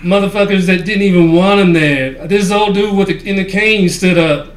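Casual podcast co-host, male, high-pitched, profane and rambling; echoey room, faint background noise. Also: moderate pace. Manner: profane, rambling anecdote telling with frequent fillers. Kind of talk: casual storytelling chat.

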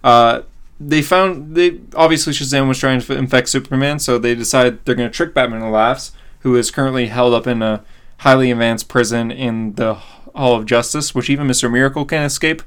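A man co-hosting a casual comic book podcast, recapping the plot with excitement. He talks at a middling pitch with plenty of fillers and little laughs. The delivery is loose and conversational. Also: smooth. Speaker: podcast co-host.

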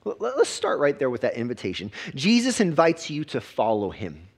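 A man, a pastor preaching a sermon with emphatic repetitions and quick restarts. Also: mid-range voice, huge pitch swings.

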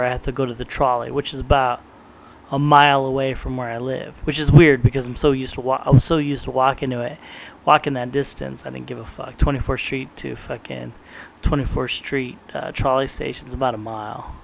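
A man's voice: medium pitch, fairly even intonation, a little fast, vocal fry, a little hiss or hum. A young man talking casually and profanely in a rambling podcast monologue, often quoting his own thoughts. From San Diego area, United States. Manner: rambling and profane, tells stories with quoted inner thoughts.

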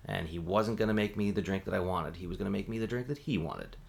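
A bartender with a deep, gravelly voice chats casually at a quick pace. He's an animated storyteller who acts out the voices of people he quotes and leans heavily on "like" as filler.

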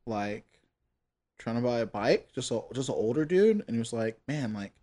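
A man's voice: medium pitch, big pitch swings, moderate pace, warm tone. A man hosting a casual chat, laid-back, full of "like", "dude" and "man". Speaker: host.

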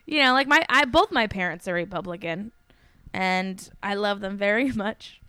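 A woman's voice: mid-range voice, moderate pace, pushed and bright, clear, resonant tone, dry recording, clean studio sound. A young woman comedian chatting casually on a podcast, rambling with lots of fillers and giggles. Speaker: comedian guest.

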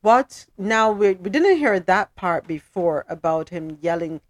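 A woman podcast host reading news stories aloud and adding emotional commentary, trailing off quietly at times. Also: fairly low pitch, animated, a little slow, no room sound.

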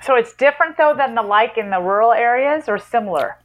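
A woman professor of linguistics, a podcast guest, explaining language in a relaxed conversation and laughing easily. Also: fairly high pitch, brisk, poor audio.

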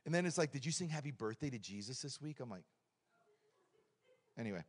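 A middle-aged man preaching a lively, joking sermon in a church, swinging between loud points and quiet asides. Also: mid-range voice, fairly quick, breathy edge. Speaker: pastor.

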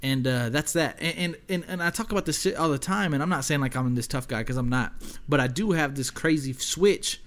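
A young man co-hosting a casual podcast, his voice sitting a little high for a man. He tells stories in a loose, profane way and jumps into the voices of the people he quotes. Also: a little fast, few pauses. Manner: profane, animated storyteller who acts out quotes. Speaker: podcast co-host. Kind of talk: casual storytelling chat.

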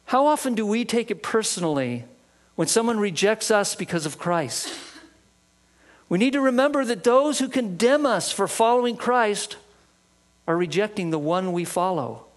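A man with a notably high voice preaching a sermon. He teaches in an earnest, steady way and reads scripture passages aloud. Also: moderate pace. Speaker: pastor.

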